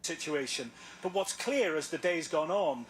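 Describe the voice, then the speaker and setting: A man reporting the news in a measured, formal broadcast style. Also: on the high side, expressive, a crowd in the background. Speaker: news correspondent.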